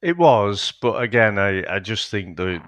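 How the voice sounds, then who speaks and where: Low-voiced man musing in a podcast. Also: expressive, measured pace, fairly bright tone, no echo. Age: adult, a parent. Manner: musing, hesitant, with laughs and asides. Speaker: podcast co-host. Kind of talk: casual film-review chat.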